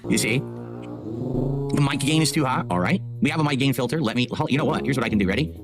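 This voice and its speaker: A man's voice: mid-range voice, a little fast, gravelly. A man streaming live, tinkering with his mic settings and defending how his voice sounds. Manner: fussing over audio settings, defensive. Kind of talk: casual livestream chat. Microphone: XLR streaming mic.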